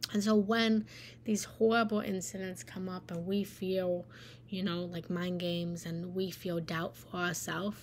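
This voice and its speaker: Gravelly-voiced woman meditation teacher. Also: mid-range voice, slight background noise. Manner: earnest, encouraging, drops into hushed whispered asides; repeats phrases for emphasis. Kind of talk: live-stream spiritual talk answering viewer comments.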